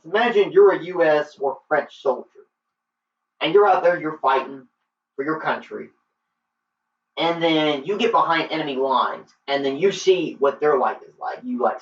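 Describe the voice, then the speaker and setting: A man giving a casual film review, retelling the plot in a rambling way and filling his talk with "like". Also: on the high side. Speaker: movie reviewer. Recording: roomy, distant, dull lo-fi sound.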